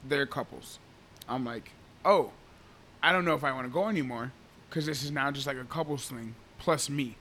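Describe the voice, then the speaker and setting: A man in his twenties co-hosting a podcast, telling stories in a casual, animated way and often calling others "bro.". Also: mid-range voice, moderate pace, a little hiss or hum. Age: 20s. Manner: animated storytelling, laughing, says "bro" often. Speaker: podcast co-host.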